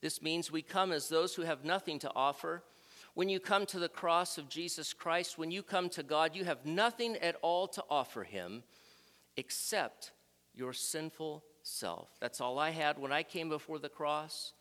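A man's voice: on the high side, fairly bright tone. Man preaching in an echoing hall. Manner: measured, emphatic reading of scripture. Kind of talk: sermon.

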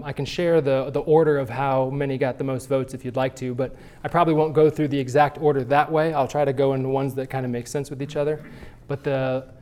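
A man's voice: medium pitch, dark tone. A man teaching a Sunday school class at church, talking conversationally and often restarting his phrases.

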